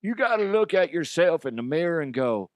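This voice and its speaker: A man voicing a loud, brash, crude cowboy character with a hollering, swaggering manner. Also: on the high side, big pitch swings, brisk, dry recording. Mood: boastful.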